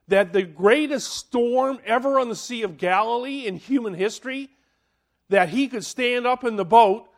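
High-voiced man preaching a sermon slowly. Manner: dramatic, swinging from loud to hushed; asks the listeners questions.

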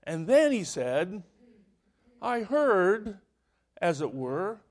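A male pastor preaching a sermon, telling a story with animated delivery and acting out the voices in it. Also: sits high, drawn-out words.

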